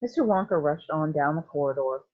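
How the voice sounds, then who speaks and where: A woman teacher reading a novel aloud to her students in a clear, steady storytelling manner. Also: sits low, a little fast, phone-quality sound.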